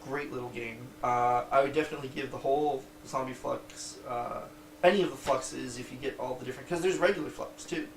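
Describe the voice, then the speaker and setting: A man's voice: medium pitch, brisk. A man talks through small card games in a loose, rambling podcast chat, stopping and restarting often and swearing freely. He sits some way back from the mic, so his voice comes across roomy and distant, with a faint hiss of room noise behind him. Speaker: podcast co-host. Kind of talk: casual board game review chat.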